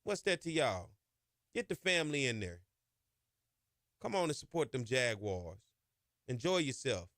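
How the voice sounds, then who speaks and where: A man's voice: mid-range voice, sing-song, measured pace, long pauses, fairly bright tone, no room sound, clean studio sound. A man hosting a sports podcast, talking emphatically and colloquially with lots of "y'all" and "ain't.". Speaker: podcast host. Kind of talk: impassioned sports podcast monologue.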